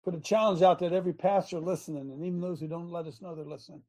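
Male radio host, fiery preacher, high husky voice. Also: steady tone, rapid-fire, darkish tone. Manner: fervent, preachy, sarcastic. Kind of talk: preaching on a talk show.

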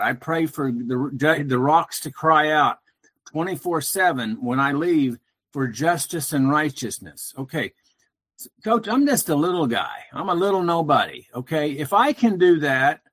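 Earnest male caller, slightly high voice, halting phone-in delivery. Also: lively intonation, fairly bright tone. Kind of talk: casual call-in chat.

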